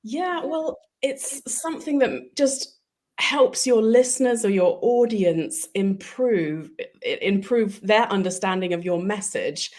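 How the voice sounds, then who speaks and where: A woman's voice: medium pitch, a little slow, a little mellow. A woman speech coach answering interview questions, teaching and demonstrating how words join in speech. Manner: instructive, demonstrates pronunciation.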